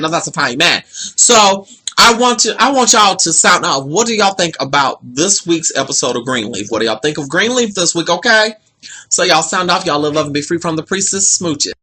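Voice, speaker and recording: A man's voice: sits high, animated, brisk, sharp tone. A young man recapping a TV episode in a sassy, chatty way, full of slang and asides to viewers. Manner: sassy, slangy, says honey and y'all.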